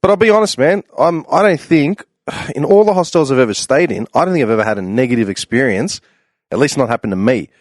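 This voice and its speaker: A young Australian man telling a casual story on a podcast, laughing often and loudly acting out the voices of people he quotes. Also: mid-range voice, animated, quick pace, dry recording, clean studio sound. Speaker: podcast panelist.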